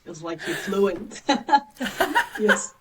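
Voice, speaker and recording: A woman in her late thirties from Bulgaria, speaking English with a Bulgarian accent as an interview guest, chatty and quick to laugh. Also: on the low side, steady tone, recorded from a distance, background noise. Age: late 30s. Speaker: guest, agency founder. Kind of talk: casual interview chat.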